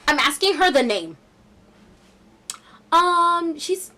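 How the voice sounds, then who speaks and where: A young woman vlogger telling a casual storytime, chatty and animated with slangy asides. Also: high voice, normal speed, pauses often.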